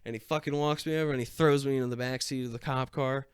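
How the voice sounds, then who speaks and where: A man's voice: mid-range voice, steady tone, quick pace, smooth, dry recording. A man casually telling a comic story about himself, swearing constantly and acting out every exchange.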